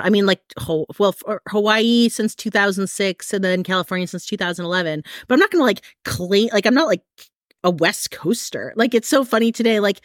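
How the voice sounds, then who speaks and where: A woman's voice: medium pitch, no room sound, studio quality. A woman from Michigan co-hosting a podcast, telling rambling stories with lots of fillers and laughter. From American Midwest, Michigan. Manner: rambling storyteller, many fillers, laughs often. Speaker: podcast co-host. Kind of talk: casual chat.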